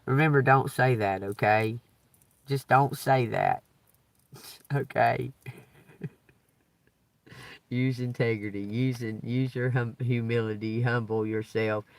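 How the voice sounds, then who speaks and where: A man of ordinary pitch talks his way through a live tarot reading in a loose, rambling flow. He swears casually and chuckles often, and his voice sits dry and close with little room sound. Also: fairly even intonation, slow, pauses often, no echo. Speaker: tarot reader.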